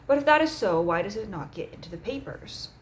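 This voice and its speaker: A woman's voice: medium pitch, animated, brisk, slight background noise, voice pushed up, close to an everyday voice, low-quality recording. A woman voicing an earnest young man, an uneasy new recruit, asking questions in an audiobook reading.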